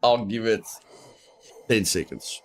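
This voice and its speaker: A man's voice: fairly low pitch, takes it slowly, a little hiss or hum. British man streaming a game. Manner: repeats phrases to himself, chatty with chat. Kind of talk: live gameplay commentary.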